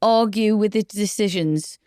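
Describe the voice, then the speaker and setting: A woman's voice: mid-range voice, unhurried, warm tone, clear, resonant tone, dry recording, clean studio sound. An English woman co-hosting a podcast, chatting playfully and jumping in with questions. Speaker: podcast co-host. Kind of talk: casual podcast chat.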